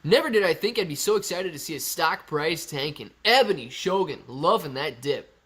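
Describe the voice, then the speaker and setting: A man's voice: a little high, animated, normal speed, fairly bright tone, breathy edge. Laid-back young man reading live chat. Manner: chatty, laid-back, says dude and man a lot. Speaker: livestream host reading chat. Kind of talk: casual live stream chat.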